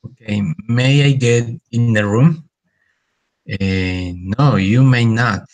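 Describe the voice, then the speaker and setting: A man answering in an English class, hesitant and halting, with fillers. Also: medium pitch, a little mellow, no echo. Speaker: English student.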